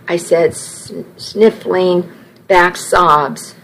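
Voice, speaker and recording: A woman reading a first-person story aloud in a slow, measured way. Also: mid-range voice, poor audio. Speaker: narrator.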